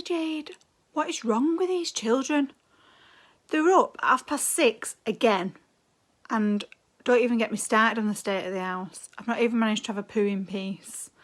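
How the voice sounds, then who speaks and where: A woman's voice: on the high side, pushed and bright. A woman doing a comic, exasperated rant in a birthday video message. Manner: exasperated, ranting.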